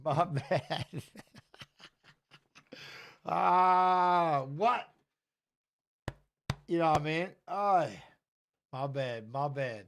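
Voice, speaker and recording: A middle-aged man hosting a live fight watch-along, excitable and shouting at the fighters while chatting with viewers. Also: fairly high pitch, a little hiss or hum. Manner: excitable, talks fast over the action, shouts at fighters. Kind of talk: live fight commentary and chat.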